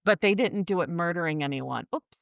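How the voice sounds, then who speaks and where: A woman's voice: mid-range voice, animated, a little slow, fairly bright tone, clean tone, no echo. A woman in her thirties co-hosting a casual true-crime podcast, telling the story bluntly with lots of swearing. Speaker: podcast co-host.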